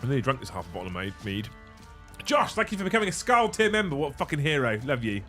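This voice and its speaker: A man's voice: medium pitch, sing-song, fast, a bit bright, faint music behind. A man hosting a hobby livestream, chatting casually with rambling, sweary banter. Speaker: livestream host.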